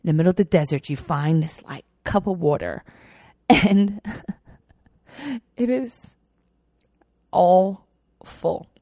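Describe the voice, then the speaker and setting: A young woman telling a personal story in a chatty, animated way, full of fillers. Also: on the low side, takes it slowly, pauses often, no echo, clean studio sound. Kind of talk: casual storytelling.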